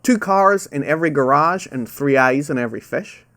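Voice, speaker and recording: The quizmaster's voice sits on the high side, expressive and a bit bright, as he runs a live online trivia night from home by webcam. Casual and self-mocking, he repeats each question slowly, though "ow" sounds give him trouble.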